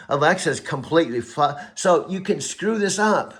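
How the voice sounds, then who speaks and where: Insistent man with a bright, forceful voice. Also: on the high side, lively intonation, normal speed. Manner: emphatic, insistent, repeats himself. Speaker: host and AI coach. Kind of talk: casual heated conversation.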